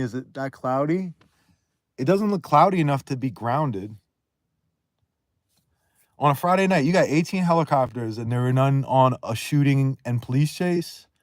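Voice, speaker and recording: A man talking casually on a livestream, blunt and profane, rambling and quick to raise his voice. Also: fairly high pitch, dry recording, studio quality. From Northeast United States.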